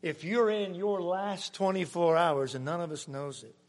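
A man preaching a sermon as pastor, swinging from loud emphasis to hushed, near-whispered lines. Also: high-pitched, normal speed. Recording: long hall reverb.

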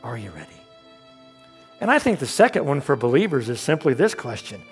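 A man preaching a sermon as pastor, swinging from emphatic calls to quiet asides and light jokes. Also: mid-range voice, very animated, a little fast, breathy edge, soft background music.

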